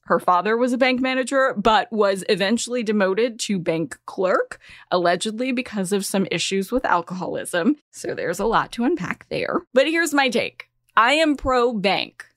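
Lively breezy woman podcast host. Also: fairly high pitch, dry recording, clean studio sound. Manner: breezy, conversational, with casual swearing. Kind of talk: scripted podcast narration.

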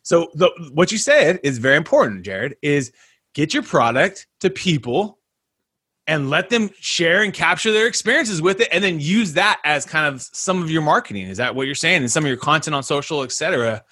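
Man, podcast host, casual energetic chat, bright tense voice, slightly high. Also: moderate pace, breathy edge. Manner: energetic, slangy, says dude and guys a lot.

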